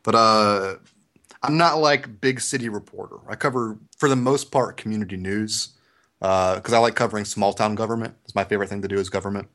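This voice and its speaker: A man's voice: on the low side, a little fast. A young man from the US South with a Southern accent, telling a story on a podcast and acting out the quotes. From Georgia, US South. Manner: animated storyteller, acts out quotes. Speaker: podcast host. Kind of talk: casual podcast chat.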